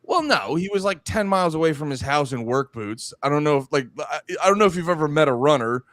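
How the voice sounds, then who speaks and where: A man co-hosting a podcast in casual chat. He talks in an animated way and keeps jumping into mocking voices of other people. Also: a little high, fast talker, no echo. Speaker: podcast co-host.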